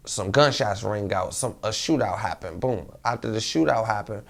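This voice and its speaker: A man's voice: lowish voice, moderate pace, gravelly, few pauses. A man casually telling a rambling street story to camera, slang-heavy and repeating himself.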